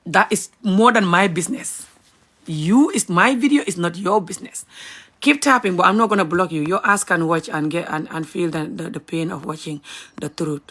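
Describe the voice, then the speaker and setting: A woman's voice: fairly low pitch, normal speed. Woman ranting at the camera, pushy and repetitive, hammers every point. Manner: forceful, repetitive, emphatic. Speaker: motivational speaker and comedian. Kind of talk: impassioned social media rant.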